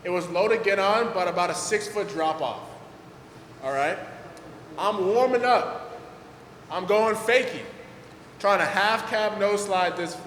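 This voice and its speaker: Animated young man in an echoey hall. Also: high voice, normal speed, slight background noise. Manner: animated, filler-heavy, acts out quotes. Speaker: guest pro skateboarder. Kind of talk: casual storytelling at a Q&A. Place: event hall with audience. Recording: echoey hall, faint ambience.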